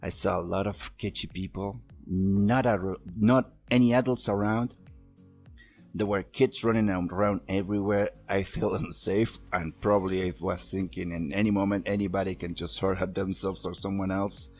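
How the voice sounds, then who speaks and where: A man's voice: low voice, steady tone, moderate pace, a little mellow, faint music behind. A young man telling a personal story on a voice call, rambling, swearing and laughing at himself. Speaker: podcast host telling a story. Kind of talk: casual storytelling over a voice call.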